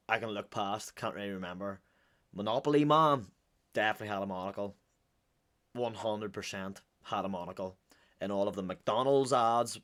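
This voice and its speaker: A man's voice: on the low side, a bit bright. A man with a Northern Irish accent hosting and joking his way through casual reaction commentary. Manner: joking, chatty, offhand. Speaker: host.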